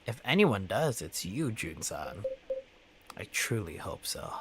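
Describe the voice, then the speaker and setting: A streamer voicing a calm, gentle young male singer in a visual novel game, speaking softly and politely. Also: sits low, very noisy, pitched below the performer's own voice, full character voice. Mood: serene. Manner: soft, polite, unhurried.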